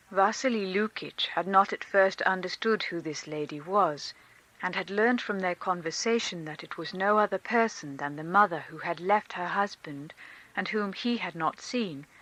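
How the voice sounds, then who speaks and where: A woman reading a classic novel aloud in a measured, expressive narration. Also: lowish voice, low-quality recording. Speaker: audiobook reader.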